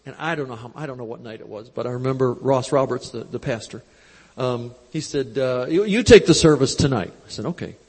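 A man preaching at a live convention, telling a story with quoted dialogue in a folksy, animated way, on a handheld mic. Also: medium pitch, a little fast, slightly rough. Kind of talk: storytelling sermon. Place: large church convention hall. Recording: live hall recording with long reverb.

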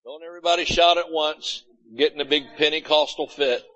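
A man's voice: on the high side, steady tone, a little fast, sharp tone, muffled recording. Folksy, blunt preaching man. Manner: folksy, blunt preaching with mocking quoted voices. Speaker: pastor. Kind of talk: sermon. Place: church sanctuary.

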